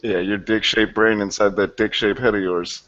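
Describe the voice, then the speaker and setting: A man's voice: fairly low pitch, level tone, normal speed, fairly bright tone. A man bantering on a group call in a teasing, mocking way. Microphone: computer mic on video call. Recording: muffled online call audio.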